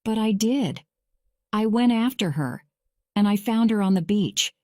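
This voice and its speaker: A woman's voice: medium pitch, lively intonation, a little mellow, dry recording, studio quality, close to an everyday voice. A woman reading as a defensive young man on trial. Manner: measured, slow graded-reader delivery. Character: young man, boyfriend questioned in court, defensive.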